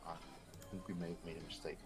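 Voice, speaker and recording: A man voicing an uneasy male adventurer in a quiet, hesitant voice. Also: low-pitched, flat delivery, fast, loud music behind the voice, voice pushed down, lightly acted.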